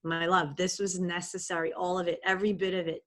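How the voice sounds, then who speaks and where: A woman voicing a gentle divine higher self. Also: flat delivery, fairly quick, lightly acted. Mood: tender. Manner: gentle, reassuring, tender.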